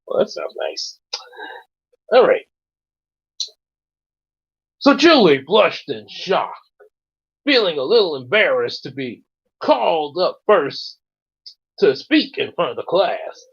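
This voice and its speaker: A man's voice: on the high side, husky, highs cut off. A man reading a story aloud and breaking off for rambling, chatty asides. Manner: rambling asides, many "you know"s. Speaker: storyteller and host. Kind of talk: casual story reading with commentary.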